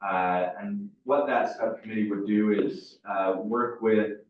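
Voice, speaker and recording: Low flat male voice, halting, very echoey room, far from the mic. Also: lo-fi sound. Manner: halting, with many fillers. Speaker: staff member presenting a report. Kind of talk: meeting report. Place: meeting room.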